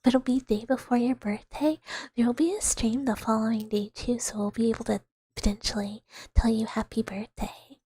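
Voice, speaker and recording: A woman VTuber streamer chatting with viewers in a soft ASMR whisper, rambling with fillers and giggles, close to the mic. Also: fairly high pitch, fairly even intonation, moderate pace, husky, no room sound.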